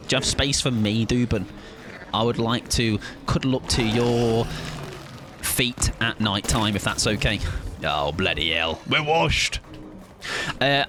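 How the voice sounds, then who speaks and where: A man's voice: mid-range voice, background noise. A man streaming a game live, chatting with his viewers in a casual, jokey way. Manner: chatty, jokey, reads chat aloud. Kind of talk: casual live-stream chat while gaming.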